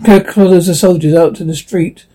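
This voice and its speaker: A man's voice: high voice, normal speed, dark tone, slightly rough. A man reading a script aloud as narrator, announcing each speaker plainly. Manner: plain, reads speaker names before each line.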